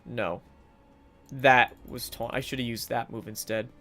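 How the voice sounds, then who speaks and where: A man's voice: mid-range voice, steady tone, a little slow, fairly bright tone, soft background music. Sarcastic male game streamer. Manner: sarcastic, talks to game characters. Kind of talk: live gameplay commentary.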